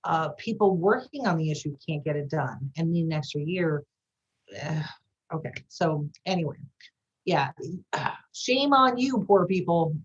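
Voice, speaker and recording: A woman co-hosts a podcast in casual, sarcastic political chat. Her voice sits on the low side. The audio is dull and lo-fi. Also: a little slow, breathy edge. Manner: animated, sarcastic, reads out listener comments. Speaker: podcast co-host.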